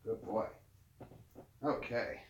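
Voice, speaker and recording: A man hosting a casual live chat, often cooing soft baby talk to his dogs. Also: extremely slow, dull audio, a little hiss or hum. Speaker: channel host.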